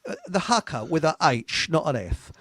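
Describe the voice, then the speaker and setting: A man's voice: on the high side, big pitch swings, normal speed, a bit bright, no room sound, clean studio sound. A man hosting a live chat show, rambling and giggling as he reads out messages. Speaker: host.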